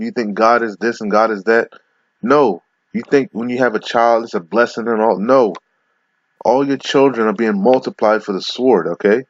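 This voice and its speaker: A man preaching from scripture in a confrontational, profane way. He reads verses slowly, then breaks them down and keeps asking "okay?". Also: mid-range voice, highs cut off. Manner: slows down to read verses aloud. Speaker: street preacher. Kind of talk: scripture reading with commentary.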